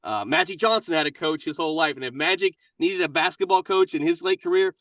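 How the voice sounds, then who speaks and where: A man's voice: fairly high pitch, lively intonation, fast, a bit bright, dry recording, studio quality, distant mic. A middle-aged man, a voice actor and minister, talking casually and energetically in an interview.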